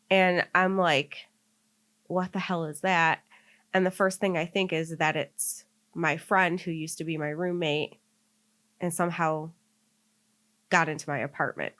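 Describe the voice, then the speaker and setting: A woman's voice: lowish voice, fairly bright tone. Rambling young woman telling a story. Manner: rambling, full of filler "like". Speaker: podcast co-host. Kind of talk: casual chat, telling a story.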